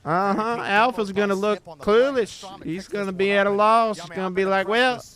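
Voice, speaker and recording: Streamer dude doing a loud folksy southern boy drawl, high and bright, teasing everyone. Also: fairly even intonation, normal speed. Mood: mocking. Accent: put-on American Southern. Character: brash young male southern good ol' boy. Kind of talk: joking watch-party commentary.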